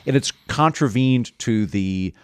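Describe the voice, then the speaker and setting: A man hosting a podcast interview who talks in a chatty, animated, opinionated way. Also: medium pitch, measured pace, smooth, no echo, clean studio sound. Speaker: podcast host. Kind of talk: conversational interview.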